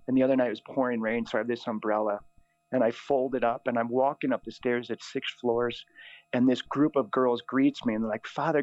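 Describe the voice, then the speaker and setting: A middle-aged priest tells his stories with animated energy and often laughs along. His voice sits at an ordinary pitch. The recording is dry and a little dull. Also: dry recording. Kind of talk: casual storytelling. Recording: slightly dull, dry audio.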